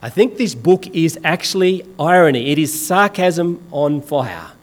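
Emphatic preacher, lively pitch. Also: male voice, a little slow. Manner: emphatic, sarcastic, colloquial. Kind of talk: sermon.

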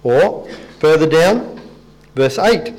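A man's voice: fairly high pitch, expressive, slow, darkish tone, low-quality recording. A man preaching a sermon in a conversational, self-deprecating way, stopping to read scripture aloud to the congregation.

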